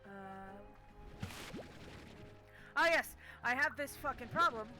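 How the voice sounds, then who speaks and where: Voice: mid-range voice, lively intonation, slow pace, bright, forceful tone, faint music behind, poor audio. A young adult game streamer telling a story casually while playing, swearing constantly in an exasperated rant.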